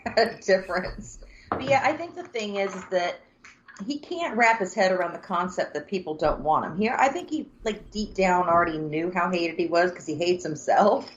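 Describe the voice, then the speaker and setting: A woman's voice: fairly low pitch, slight background noise. A woman co-hosting a podcast, talking politics in a blunt, exasperated way and swearing freely. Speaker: podcast co-host. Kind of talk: casual political chat. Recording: dull lo-fi sound.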